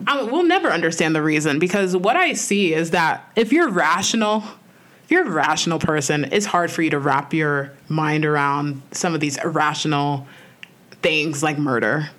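A woman co-hosting a podcast, speaking in an earnest, reflective way in a slightly low voice. She keeps it loose and conversational, leaning on "like" and "you know" as she thinks aloud. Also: lively intonation, normal speed, a bit bright. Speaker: podcast co-host. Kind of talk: casual conversational chat.

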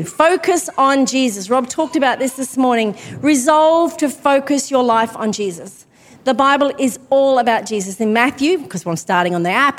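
A woman preaching a sermon in a chatty, self-deprecating way, breaking off for asides to the congregation. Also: sits high. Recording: long hall reverb.

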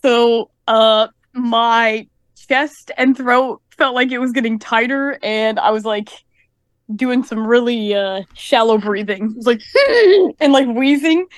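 Young woman podcaster, high voice, dry close sound, just rambling along. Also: steady tone, measured pace, no room sound. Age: 20s. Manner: rambling, breezy storytelling. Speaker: podcast co-host. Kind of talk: casual chat.

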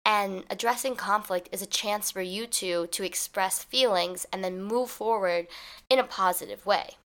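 Woman podcast host, solo advice talk, casual and animated, slips into quoted voices. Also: medium pitch, moderate pace. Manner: animated storytelling, acts out little scenes in quoted voices; casual, conversational, with "like" and "kinda".

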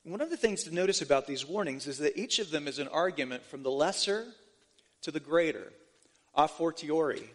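A man's voice: fairly high pitch, lively intonation, fairly quick. Man preaching in a reverberant hall. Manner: earnest, restarting phrases, quoting scripture. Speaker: pastor. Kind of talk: sermon.

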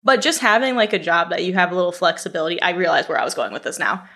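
A woman's voice: animated, very fast, gravelly, sharp tone. A young woman co-hosting a casual podcast, telling stories in a chatty way with lots of "like" and bursts of laughter. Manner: chatty storyteller, heavy filler "like", breaks into high laughter. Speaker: podcast co-host. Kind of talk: casual chat.

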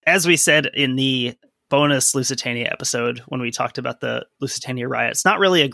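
A man's voice: mid-range voice, fairly quick, gravelly, pushed and bright, dry recording, studio quality. A man co-hosting a history podcast, chatting casually and adding joking asides. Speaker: podcast co-host.

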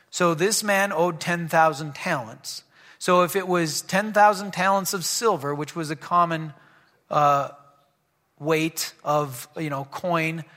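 A man's voice: sits high, fairly bright tone. A man preaching a sermon in a church, reading scripture and breaking off into casual, joking asides to the congregation. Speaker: pastor. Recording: long hall reverb.

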